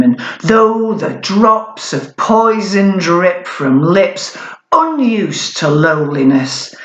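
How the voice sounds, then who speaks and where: A woman performs her own poetry slowly and defiantly, drawing out every line. Her voice sits low but swings widely in pitch. An echoey room surrounds her. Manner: defiant, deliberate, drawn-out delivery. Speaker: performance poet. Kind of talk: spoken-word poetry performance.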